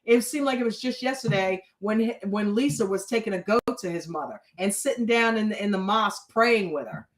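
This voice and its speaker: A woman's voice: mid-range voice, brisk, hardly any pauses. Woman, reality TV recap host, blunt, chatty, swears, echoey room. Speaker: reaction show host.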